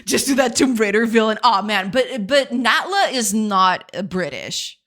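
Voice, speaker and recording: A woman's voice: fairly high pitch, animated, unhurried, a bit bright. A woman whose first language is Portuguese, chatting casually on a game dev live stream, giggling and answering chat.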